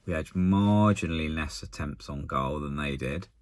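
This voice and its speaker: A man giving a casual, exasperated post-match rant to camera as a football fan, blunt and halting, often restarting his sentences. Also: rumbling low. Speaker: football fan channel contributor.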